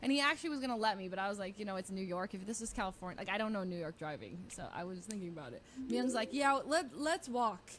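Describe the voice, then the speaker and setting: A young woman casually telling a story on stream, giggling often and quoting people in lively voices. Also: mid-range voice, very fast, few pauses. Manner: chatty, giggly, quotes people in animated voices.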